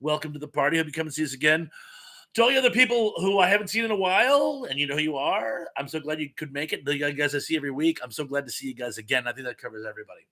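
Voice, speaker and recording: A man's voice: a little high, expressive, very fast, sharp tone. A man hosting a casual live stream chat, reading viewer comments aloud with plenty of ums, his voice a little scratchy from pollen. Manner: chatty, reads chat messages aloud, frequent ums.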